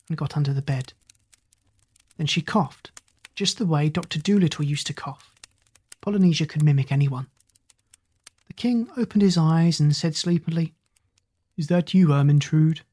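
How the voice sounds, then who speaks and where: A narrator reading a children's storybook aloud in a steady, gentle way. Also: medium pitch, slightly rough. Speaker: audiobook narrator.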